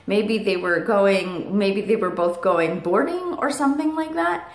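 A woman's voice: mid-range voice, expressive, a little slow, roomy sound. A woman vlogger telling a casual story to camera at home, chatty, with fillers and asides to her parrot.

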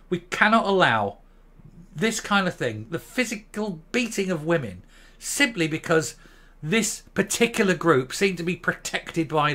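A man in his fifties hosting his own channel, ranting bluntly and profanely to camera and stopping now and then to calm himself down. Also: a little high. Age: 50s. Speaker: commentary channel host. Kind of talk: angry opinion rant to camera.

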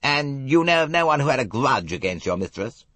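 A man voicing an impatient, brisk middle-aged male officer in an audiobook. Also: medium pitch, sing-song, a bit bright, no room sound, voice pushed up.

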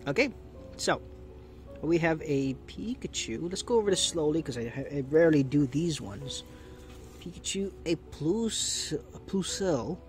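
A man's voice: a little high, lively intonation, measured pace, faint music behind. A man with the hiccups doing chatty, easily delighted commentary while opening trading card packs and thinking aloud. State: has the hiccups. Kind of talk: casual unboxing commentary.

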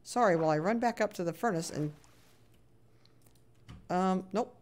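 A woman's voice: on the low side, normal speed, darkish tone. A middle-aged woman talks her way through a live game stream in a loose, chatty voice. She plays up her annoyance, grumbles at the game and reads messages from chat aloud as she goes.

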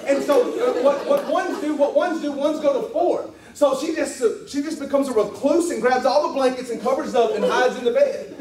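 A man teaching a church class in a casual, animated way, often acting out quoted voices and laughing. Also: very high-pitched, normal speed, crowd noise. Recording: echoey room, distant mic, faint hiss.

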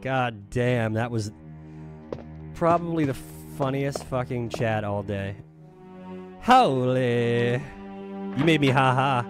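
A man from the Philadelphia area chats casually while he plays a game, rambling, swearing and cracking jokes. His voice sits at a mid pitch, and game music plays clearly behind him. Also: takes it slowly, long pauses. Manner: profane, joking, rambling, humming to himself. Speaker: gaming streamer. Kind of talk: casual live-stream chat over gameplay.

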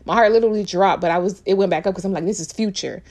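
A woman's voice: mid-range voice, racing, darkish tone. A woman giving casual, opinionated live reaction commentary on an awards show, chatty and full of slang.

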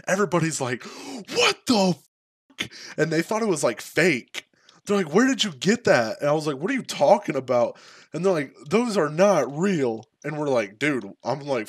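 A man's voice: medium pitch, fairly bright tone, no echo. A young man tells a long, crude story off the cuff, rambling and padding every thought with fillers. His voice sits in an ordinary middle register. The sound is close and dry, with no room around it. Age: young adult. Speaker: streamer. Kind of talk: casual storytelling.

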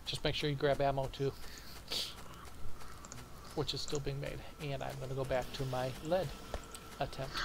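A man's voice: medium pitch, flat delivery, normal speed, gravelly, long pauses, slight background noise. An American man talking through his moves while playing a co-op game, methodical and full of ums and uhs. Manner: methodical, thinks aloud with many fillers. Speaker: co-op game player. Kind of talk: casual gaming chat.

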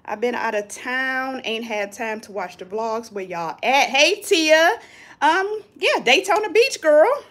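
A woman's voice: high voice, lively intonation, unhurried, a bit bright. A woman chatting casually on a live stream from a hotel balcony, greeting viewers and reading their comments. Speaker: vlogger hosting a live stream.

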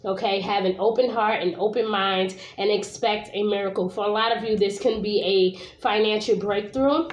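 A woman's voice: medium pitch, steady tone, normal speed, hardly any pauses. A woman from Brooklyn, New York, giving a casual tarot reading to camera, chatty and informal, swearing now and then and often asking "okay?". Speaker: tarot reader. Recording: echoey room.

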